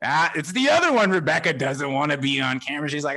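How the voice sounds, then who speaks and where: A man's voice: on the high side, very animated, brisk, hardly any pauses, heavy background noise. A man rambling in a jokey, self-mocking way as a comedy guest, talking from his living room on a video call. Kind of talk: casual rambling comedic chat.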